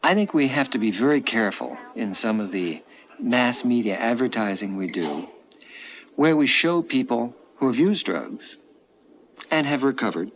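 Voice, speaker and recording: A man's voice: medium pitch, lively intonation, normal speed, slight background noise, low-quality recording. A man giving a thoughtful, hedging answer in a documentary interview. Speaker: interviewed expert.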